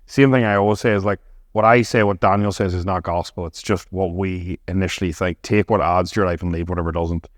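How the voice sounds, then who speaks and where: Man, podcast guest, rapid talker, lowish voice, dry close sound. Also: no echo. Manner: fast, animated storytelling with frequent swearing. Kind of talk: casual chat.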